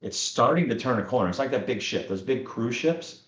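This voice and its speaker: A man's voice: medium pitch, animated, brisk. A man, a scrum master with a young child, talking in a loose, rambling, self-interrupting way in a casual chat. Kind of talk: casual conversation. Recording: echoey room, dull lo-fi sound.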